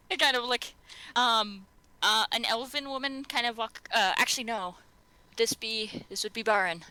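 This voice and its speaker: A woman's voice: a little high, big pitch swings, unhurried, bright, forceful tone, clear, resonant tone, no room sound, poor audio. A woman narrating a tabletop game as game master, rambling with many "um"s and restarts.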